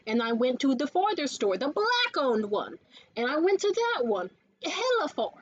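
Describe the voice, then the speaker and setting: High-voiced woman, profane vlog storyteller. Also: big pitch swings, normal speed, dull audio. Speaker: vlogger. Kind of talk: casual life-update vlog. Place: indoors in a room.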